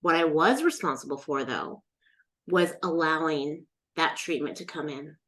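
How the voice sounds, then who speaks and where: This middle-aged woman has a low voice and a measured pace as she tells a personal story during a casual interview. She brings it to life by acting out the voices of the people in the story.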